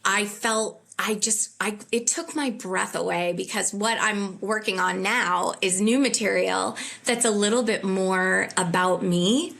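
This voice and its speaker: A woman's voice: mid-range voice, unhurried, creaky, few pauses, a bit bright. A woman comedian being interviewed, telling candid stories in an earnest, self-deprecating way. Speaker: comedian guest. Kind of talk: conversational interview.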